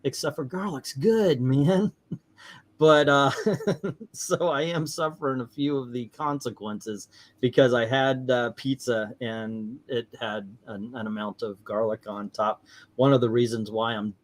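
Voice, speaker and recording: A man's voice: mid-range voice, measured pace. A man hosting a casual livestream, telling rambling stories and laughing often. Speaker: livestream host.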